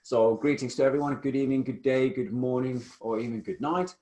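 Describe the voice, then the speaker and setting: Man, podcast host, jovial rambling chat, mid pitch, roomy echo. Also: brisk, mellow. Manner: chatty, jovial, lots of restarts. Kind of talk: casual interview chat.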